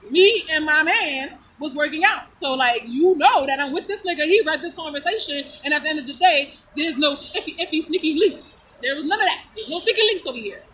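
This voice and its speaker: A storyteller vlogger with a high-pitched voice talks a little fast, recounting a personal story in a casual, blunt, profane way and laughing often. Her retelling is animated and lively, though the recording is rough, with a little hiss or hum.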